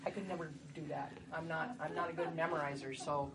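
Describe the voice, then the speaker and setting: Workshop presenter, woman with a slightly low voice, chatty and asks "right?" a lot, mic far away. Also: fairly even intonation, brisk, crowd noise. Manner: conversational, rhetorical questions. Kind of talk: instructional talk. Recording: distant mic, noisy room.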